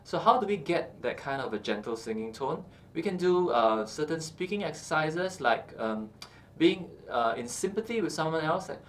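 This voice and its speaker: A man teaching singing, explaining calmly with many fillers and checking in with "okay" as he goes. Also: fairly high pitch, moderate pace. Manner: explains calmly with frequent uh and okay, breaks into short sung examples. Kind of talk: instructional talk with sung demonstrations.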